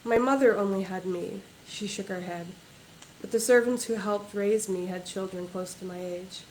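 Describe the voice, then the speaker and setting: A woman's voice: mid-range voice, fairly even intonation, moderate pace, a little hiss or hum, low-quality recording. A woman author reading aloud from her own novel at a livestreamed book launch, in a plain reading voice without character voices or accents.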